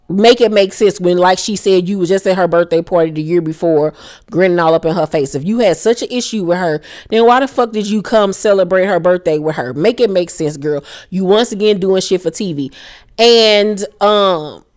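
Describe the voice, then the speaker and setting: A woman's voice: fairly low pitch, moderate pace, a little mellow. A young woman casually recapping a reality show episode, blunt, profane and sassy in her commentary.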